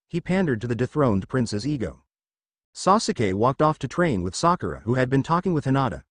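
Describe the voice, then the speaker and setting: A man narrating a fan fiction story with a lively, varied pitch. The recording is dry and close, with no room sound. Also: a little fast, no room sound.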